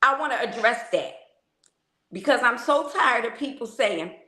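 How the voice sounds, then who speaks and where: Emphatic high-voiced woman, echoey. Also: animated, moderate pace, bright, forceful tone. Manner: emphatic, defensive, persuasive. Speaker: product seller. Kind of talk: casual group chat. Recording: echoey room.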